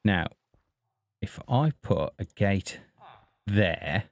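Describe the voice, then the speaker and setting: A man streaming a game, talking casually to himself and to the characters on screen in a relaxed, chatty way. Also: lowish voice, extremely slow, gravelly, slight background noise. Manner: chatty, talks to himself and the villagers. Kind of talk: casual gameplay commentary.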